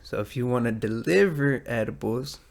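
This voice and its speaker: A man's voice: mid-range voice, expressive, moderate pace, vocal fry. Man, American accent, podcast host, profane, rambling, self-deprecating, casual solo talk. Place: metal garage with a small booth, at night. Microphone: studio mic with headphones.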